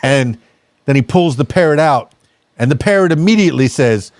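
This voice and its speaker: A man's voice: fairly high pitch, lively intonation, a little mellow, no echo. A man hosting a podcast, chatting casually and rambling with many restarts. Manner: rambling, halting, full of restarts. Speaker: podcast host. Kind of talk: casual chat.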